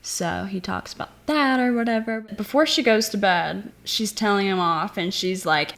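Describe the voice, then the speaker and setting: A woman's voice: medium pitch, moderate pace, creaky, few pauses, a bit bright. Chatty woman retelling a film plot. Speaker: film reviewer and channel host. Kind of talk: casual spoken movie review.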